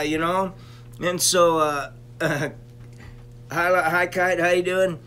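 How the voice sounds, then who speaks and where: A man chatting on a live stream, his voice bright and a little forceful. He rambles through loose stories, laughs often and keeps dropping in "you know". He stops now and then to say hi to viewers by name. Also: high voice, steady tone, takes it slowly, pauses often, smooth. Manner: greets viewers by name mid-story. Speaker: stream host reviewing cannabis. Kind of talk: casual live-stream chat and storytelling.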